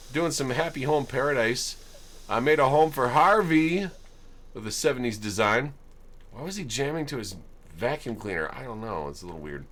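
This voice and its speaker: A man streams a life-sim game, touring the homes he built and chatting casually with lots of amused chuckles. His voice is mid-range, expressive and a bit bright, at a moderate pace.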